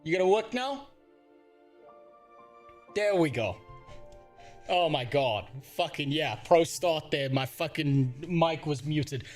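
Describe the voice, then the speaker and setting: A man's voice: on the high side, animated, slow pace, long pauses, faint music behind. A man from Africa, livestreaming and ranting in casual, profane, exasperated talk. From South Africa.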